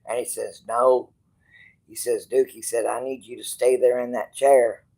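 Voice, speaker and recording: This man's mid-range voice barely moves in pitch; it's slightly mellow with vocal fry, and he keeps a measured pace. Hosting his channel, he rambles through a personal story for viewers, starting over, voicing others' words, and cursing freely. The audio quality is poor.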